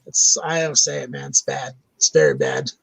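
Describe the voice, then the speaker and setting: A man's voice: medium pitch, very animated, moderate pace, creaky, slightly rough, no echo. A man speaking emphatically as a podcast panelist in casual chat.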